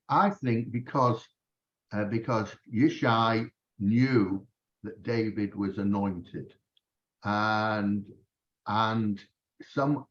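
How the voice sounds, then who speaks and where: Slow, deliberate class participant. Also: male voice, medium pitch. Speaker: student in a class. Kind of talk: answering a question in class. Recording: lo-fi recording.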